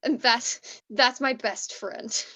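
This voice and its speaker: Slow-talking woman with a higher voice. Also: pushed and bright. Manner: amused, giggly. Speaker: player. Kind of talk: casual post-game chat.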